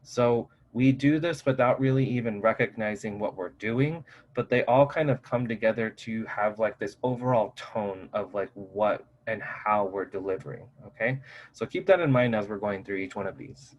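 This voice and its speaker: A man's voice: fairly low pitch, normal speed, dull audio. A man teaching a casual recorded lecture in a loose, conversational way, with many filler "like"s, into his own microphone. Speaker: college instructor. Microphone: personal microphone.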